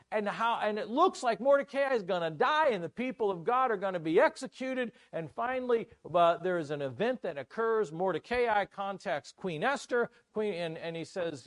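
A man preaching a sermon at a church conference, telling a story with lively energy and acting out the characters' voices. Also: sits high.

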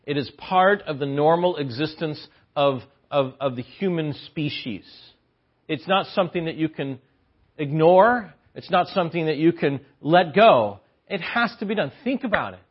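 High husky guy preaching, big swings loud to quiet, dull lo-fi church tape. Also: normal speed. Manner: animated storytelling, swings between loud emphasis and low asides. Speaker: Bible teacher. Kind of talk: sermon. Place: church hall.

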